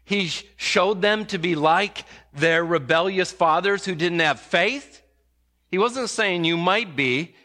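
A man preaching a sermon in an emphatic way, slowing and speeding up to stress points. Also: a little high, sharp tone. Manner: emphatic, varies pace for emphasis. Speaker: pastor.

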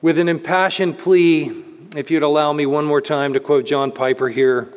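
A man preaching a sermon in an earnest way, slowing down to stress key words. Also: a little high, little pitch movement. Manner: earnest preaching, slows to stress words, speeds up voicing others. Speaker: pastor. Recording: long hall reverb.

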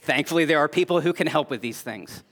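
A man preaching a sermon as pastor, earnest, rising to emphatic peaks and then dropping soft and low. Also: fast.

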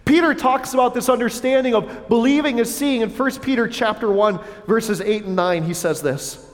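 High-voiced male pastor preaching in a hall. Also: moderate pace. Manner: earnest, rhetorical questions, quotes voices in dialogue. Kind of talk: sermon.

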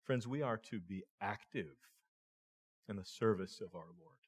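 A man's voice: lowish voice, a little slow, slightly rough. A man preaching a sermon as a pastor, earnest, speaking to his listeners as friends and often repeating words.

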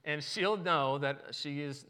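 Bright clear-voiced man preaching. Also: fairly high pitch, takes it slowly. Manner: relaxed storytelling, self-deprecating humor, chuckles often. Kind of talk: sermon with a joke opening.

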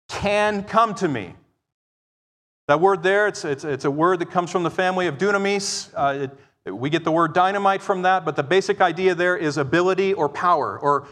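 A man preaching a sermon, swinging between loud exclamations and quiet, explaining asides. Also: a little high. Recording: long reverb of a large hall.

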